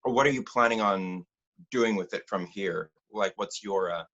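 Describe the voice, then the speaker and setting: A man's voice: lowish voice, a little slow, fairly bright tone, lo-fi sound. A man hosting a group discussion, asking loose follow-up questions. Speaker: host.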